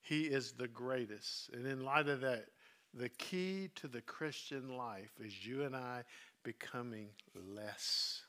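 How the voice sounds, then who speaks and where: Earnest bright-voiced male preacher. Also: medium pitch, takes it slowly. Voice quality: earnest, drops soft when emotional. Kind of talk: sermon with personal storytelling.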